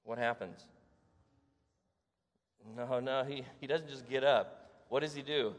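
A man's voice: mid-range voice, very animated, measured pace, long pauses, a little mellow. A male preacher giving a sermon, telling the story dramatically, acting out the scenes and asking the congregation rhetorical questions. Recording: echoey hall.

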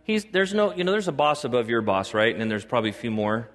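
A middle-aged man preaching a sermon to a congregation as pastor, animated, joking and acting out little dialogues. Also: fast, in a large hall. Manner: animated, acts out dialogue with God in a higher voice; jokes and laughs with the congregation.

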